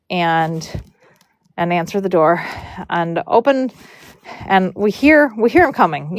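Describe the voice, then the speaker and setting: A woman's voice: medium pitch, dry recording. Chatty woman telling a story on a live stream. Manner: chatty, rambling, lots of fillers and restarts.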